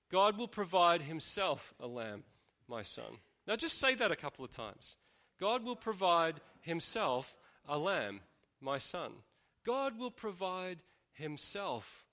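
Bright-voiced male preacher, high and clear. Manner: thoughtful, asks rhetorical questions, frequent restarts. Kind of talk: sermon.

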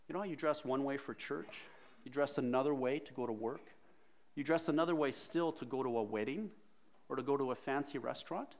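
Conversational male preacher. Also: mid-range voice. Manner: conversational, asks the congregation questions. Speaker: pastor. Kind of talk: sermon.

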